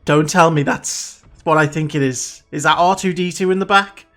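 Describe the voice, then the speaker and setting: A man hosting a reaction video, gushing with excited fan exclamations in casual commentary. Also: a little high, normal speed. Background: faint show soundtrack music.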